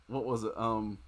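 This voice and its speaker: A tired young man chatting casually while streaming a game late at night, rambling, giggling and reacting loudly to the game. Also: lowish voice.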